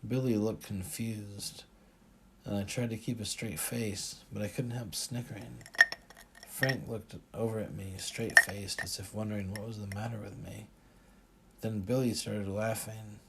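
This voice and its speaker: A man narrating an audiobook in the first person, unhurried and even. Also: lowish voice, gravelly, heavy background noise.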